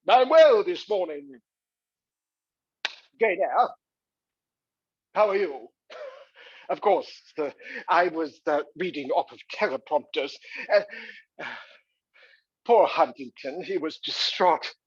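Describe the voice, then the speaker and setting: A man plays a vain, rakish aging movie star who speaks in a put-on English accent, flippant and posh. The voice sits high and husky, and the recording is dry and a little dull. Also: lively intonation, takes it slowly, long pauses, no room sound, heavily acted. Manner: boozy, flippant, posh showman.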